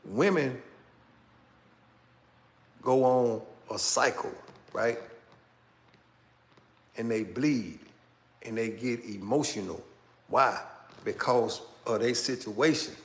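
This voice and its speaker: A middle-aged man hosting his channel, talking in a slow, casual street style and tagging phrases with "man" and "right?". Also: mid-range voice. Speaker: channel host. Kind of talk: casual commentary monologue.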